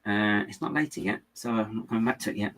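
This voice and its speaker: A man's voice: on the low side, fast talker, a bit bright. A young man hosting a livestream, chatting in a rambling, self-amused way to viewers while building at home. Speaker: livestream host building LEGO. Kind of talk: casual chat while building.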